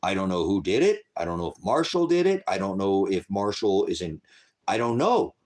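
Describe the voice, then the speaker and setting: A man's voice: low voice, very animated, normal speed, darkish tone. A middle-aged man hosting a faith channel, delivering an angry, profane, rambling rant to his viewers.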